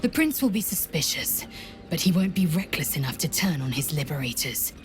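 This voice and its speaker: A woman's voice: low voice, big pitch swings, brisk, soft background music. A woman voicing a fierce, proud, blunt alien warrior woman in video game dialogue, speaking in a stern, clipped manner. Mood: resolute.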